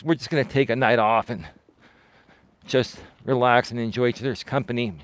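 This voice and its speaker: A life coach with a clear, resonant, medium-pitched voice chats casually on a livestream while walking outdoors, reading viewers' comments and responding to them. There's no room sound on the recording.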